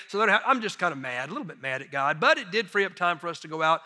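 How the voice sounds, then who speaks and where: Folksy high-voiced preacher in a big hall. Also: male voice, fast, hardly any pauses. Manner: folksy, animated storytelling with self-deprecating humor. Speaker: missionary preacher. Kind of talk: sermon storytelling. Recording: long reverb of a large hall.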